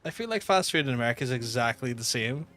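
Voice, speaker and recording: A man's voice: medium pitch, fast, soft background music. A young man streaming a game, telling stories with free swearing and frequent laughs. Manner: swears freely, laughs often, animated storytelling. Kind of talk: casual livestream commentary.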